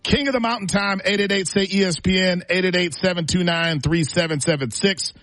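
A man's voice: high-pitched, fairly quick, a bit bright. A man hosting a sports radio show, bantering casually and reading out phone numbers and sponsor plugs.

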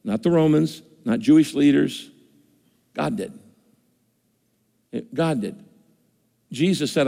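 Older man, pastor, conversational sermon, gravelly edge, slightly high voice, long hall reverb. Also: slow, long pauses, dark tone. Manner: conversational preaching, acts out listeners' objections.

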